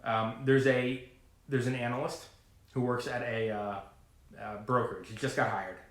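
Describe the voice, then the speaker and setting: A man vlogging to camera about trading, talking in a rambling, animated way full of fillers and asides. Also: mid-range voice, normal speed, echoey room. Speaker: finance vlogger. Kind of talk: casual talking-to-camera rant.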